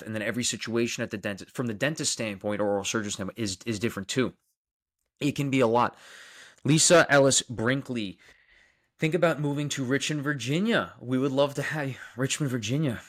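A man's voice: on the low side, a bit bright. A young man from Long Island with a Long Island accent, a dentist chatting casually on a livestream, reading out viewer comments and answering them. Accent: Long Island New York. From Long Island, New York. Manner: reads viewer names aloud and answers them, often repeating phrases.

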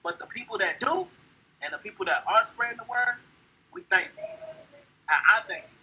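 A man's voice: extremely high pitch, expressive, normal speed, bright, forceful tone, husky, poor audio. A man from co-hosting a podcast, speaking from the heart in casual slang, emphatic and preachy. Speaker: podcast co-host. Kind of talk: casual chat.

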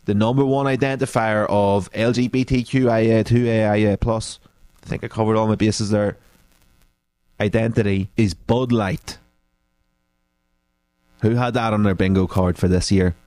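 A man's voice: on the low side, steady tone, moderate pace, pauses often, darkish tone, dry recording. A man hosting a comedy podcast, reading out social media posts and mocking them with sarcastic, profane asides. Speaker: podcast host.

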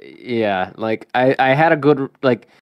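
A laid-back man chats about games, saying "like" a lot. His voice is smooth and resonant. The recording is dry and close. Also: medium pitch, expressive, takes it slowly, no room sound, lo-fi sound. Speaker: YouTuber guest. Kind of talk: casual gaming podcast chat.

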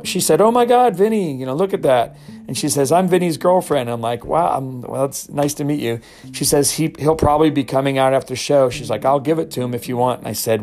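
A middle-aged man hosts a podcast, his medium-pitched voice carrying a somewhat dark tone. He tells a story casually and acts out the quotes in raised voices.

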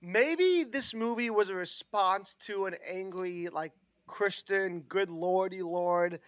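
A man's voice: sits high, slow pace, a bit bright. A young man co-hosting a casual chat, joking and laughing often. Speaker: podcast co-host.

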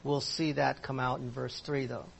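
A man's voice: medium pitch, flat delivery, moderate pace, vocal fry, a bit bright, breathy edge. A man teaching a Bible class in a conversational way, asking his listeners questions as he explains verses.

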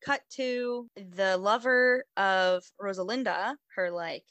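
A young university student telling a story in a chatty way, full of "like". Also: female voice, medium pitch, takes it slowly, a bit bright, dry recording, rough recording. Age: young adult. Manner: chatty storytelling, acts out lines with fillers like "like". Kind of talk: casual chat.

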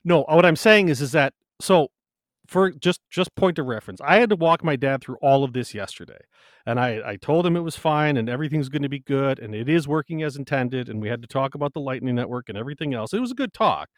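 Animated, swearing man on a podcast. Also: mid-range voice, fast, no room sound, clean studio sound. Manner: animated, emphatic, swears freely. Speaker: podcast co-host. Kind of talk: casual chat.

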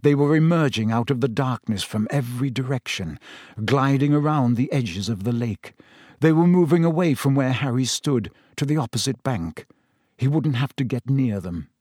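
A man reading a fantasy novel aloud in steady, measured storytelling narration. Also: medium pitch, slightly rough, no room sound, clean studio sound. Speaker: audiobook narrator. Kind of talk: scripted narration.

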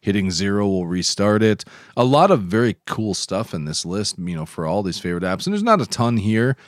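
A man's voice: fairly low pitch, sing-song, a little fast, no echo, clean studio sound. A man co-hosting a podcast, explaining app tips in casual, rambling chat. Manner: rambling, self-correcting explainer. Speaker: podcast co-host.

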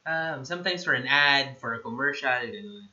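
A man with a Filipino accent talks things through in a relaxed chat, moving between English and Tagalog. His tone is very bright and sharp. The recording sounds somewhat dull and lo-fi. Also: medium pitch, normal speed. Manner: thoughtful, mixes English with Tagalog. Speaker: guest. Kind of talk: casual chat. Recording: slightly muffled lo-fi audio.

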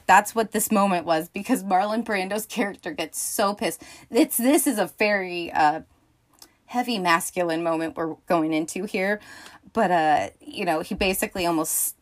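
A woman with a slightly low voice hosts a casual film-review podcast. She rambles, restarts her sentences and leans on fillers, with loose swearing and sudden bursts of excitement. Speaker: podcast host.

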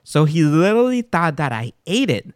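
A man's voice: on the high side, normal speed, clean tone, no room sound, studio quality. A man hosting a podcast, telling stories in casual chat and laughing often. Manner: animated storyteller, laughs often. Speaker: podcast host.

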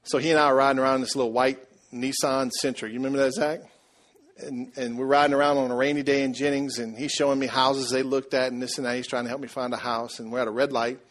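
A pastor with a medium-pitched voice preaches quickly, telling a story and putting questions to his congregation in a lively, conversational manner.

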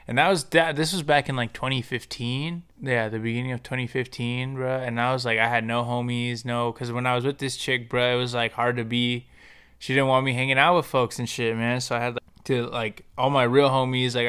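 A man's voice: medium pitch, a bit bright, smooth. A young adult man hosting a podcast, telling a personal story in a profane, slangy, rambling way, with many restarts. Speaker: podcast host. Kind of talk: casual personal storytelling monologue.

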